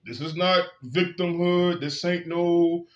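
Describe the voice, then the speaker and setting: A man's voice: sits high, fairly even intonation, slow, highs cut off. A man telling his own story in a candid, blunt and profane monologue, full of emphasis. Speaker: vlogger.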